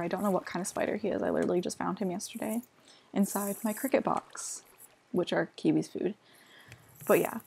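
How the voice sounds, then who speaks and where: A woman's voice: medium pitch, gravelly, darkish tone. A young woman chatting casually as she plays a game, self-mocking and full of filler words. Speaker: gaming vlogger. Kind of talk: casual gameplay commentary. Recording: noisy home recording.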